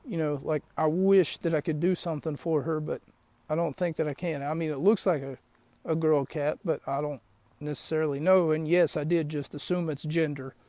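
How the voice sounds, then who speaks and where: A man's voice: on the high side, fairly even intonation, moderate pace, warm tone, no room sound. A man hosting a podcast, recapping a show in a rambling, chatty way with lots of asides. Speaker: podcast host. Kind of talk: casual recap of a wrestling show.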